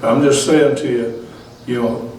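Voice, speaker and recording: A man giving his testimony as a Bible study teacher, preaching casually with fillers and soft chuckles. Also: medium pitch, fairly even intonation, unhurried, slight background noise. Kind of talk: testimony sermon. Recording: echoey room, mic set far off.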